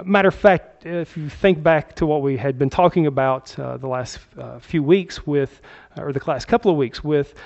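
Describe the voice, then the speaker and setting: Male pastor, conversational sermon delivery with frequent check-ins, fairly high voice, muffled recording. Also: darkish tone. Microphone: handheld microphone.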